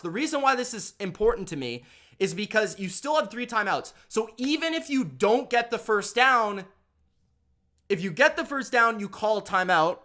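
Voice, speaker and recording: A young man ranting in an animated, exasperated way while recapping football games. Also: high-pitched. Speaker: sports commentator.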